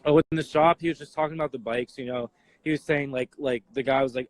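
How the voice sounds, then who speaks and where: A man recounting events to viewers in casual live-stream talk, halting and loose, full of "like" and "you know", subdued and somber. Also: mid-range voice, level tone, poor audio. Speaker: eyewitness answering viewer questions.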